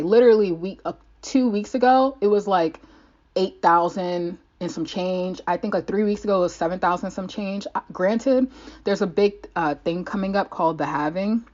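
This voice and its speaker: A woman's voice: fairly low pitch, darkish tone, lo-fi sound. A young woman from the United States, a vlogger rambling in casual talk to the camera, restarting her sentences often.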